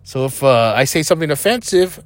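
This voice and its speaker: A man's voice: fairly high pitch, lively intonation, fairly quick, no room sound. A young man from New Mexico hosting a podcast, rambling in a casual monologue from a parked vehicle, blunt, profane and defiant. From Albuquerque, New Mexico. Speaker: podcast host.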